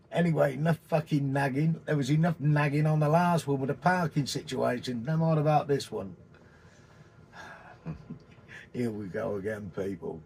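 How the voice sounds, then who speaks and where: A man in his sixties, from England, ranting in a casual vlog, blunt and full of swearing, with a husky voice. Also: mid-range voice, darkish tone, slight background noise. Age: 60s. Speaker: vanlife vlogger. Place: in and around a camper van, partly outdoors.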